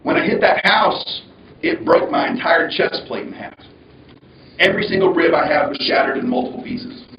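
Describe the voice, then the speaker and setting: Gravelly man telling a story in a hall. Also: very deep voice, moderate pace, slight background noise. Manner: animated, conversational, mimics the voices of others. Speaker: commencement speaker. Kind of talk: storytelling speech. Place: large hall at a graduation ceremony. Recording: dull, roomy sound from far off.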